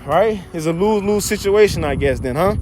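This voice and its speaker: A man teaching from scripture in a casual, slangy, animated way, reading verses and riffing on them. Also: sits high, fairly quick, a little hiss or hum. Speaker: Bible teacher.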